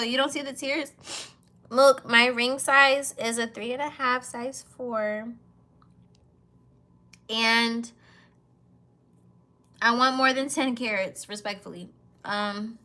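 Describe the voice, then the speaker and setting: Young woman vlogger, 20s, bright and slightly high voice, playful slangy chat, laughs often. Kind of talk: casual chat reacting to comments.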